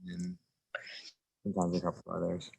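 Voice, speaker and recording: A man in relaxed casual conversation, speaking in an easygoing way with fillers, outdoors in a forest. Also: low-pitched, normal speed, vocal fry, breathy edge, no room sound, rough recording. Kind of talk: casual chat.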